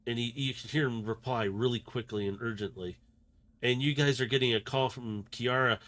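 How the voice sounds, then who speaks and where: A man's voice: mid-range voice, normal speed, fairly bright tone. A man acting as game master, narrating a tabletop game in a loose, chatty way and laughing often.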